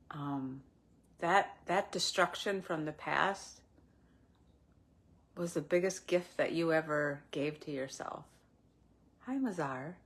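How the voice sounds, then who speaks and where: A middle-aged woman giving a gentle, reflective spiritual talk with soft laughs now and then. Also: sits low. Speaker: spiritual teacher. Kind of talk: spiritual talk, live stream.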